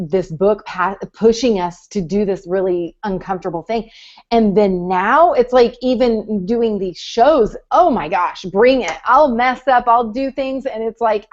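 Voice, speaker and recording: A woman's voice: mid-range voice, darkish tone, lo-fi sound. A woman co-hosting a casual group chat, talking in a chatty, encouraging way with many fillers. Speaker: podcast co-host.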